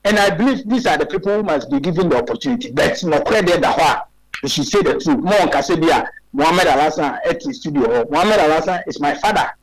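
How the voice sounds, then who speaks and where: This radio talk show guest is a man in his forties with a Ghanaian English accent, talking fast in a fairly high, lively voice. The recording is low quality, and he fires off rhetorical questions while forcefully making his case.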